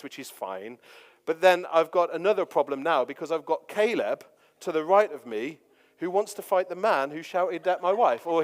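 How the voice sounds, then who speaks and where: A man delivers a sermon, leaning on playful anecdotes and frequent fillers. His voice sits a little high for a man. The sound carries the long reverb of a large hall. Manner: jokey, anecdotal, lots of fillers. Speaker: pastor. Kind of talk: sermon with personal stories.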